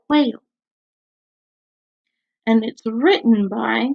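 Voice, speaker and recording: A woman teacher reading a picture book aloud to young children at home, stopping to ask them questions. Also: fairly high pitch. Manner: slow, animated, asks the children questions. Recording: dull lo-fi recording.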